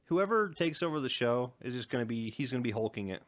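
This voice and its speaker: A young man co-hosting a podcast, chatting casually in a rambling, animated way and laughing often. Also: medium pitch, fast talker. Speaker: podcast co-host. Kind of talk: casual chat.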